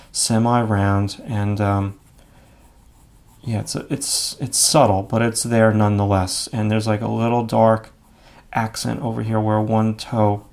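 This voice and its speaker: A man's voice: on the low side, gravelly, a little mellow. A man giving a live drawing lesson, talking casually and thinking aloud as he sketches, with frequent fillers. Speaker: drawing instructor.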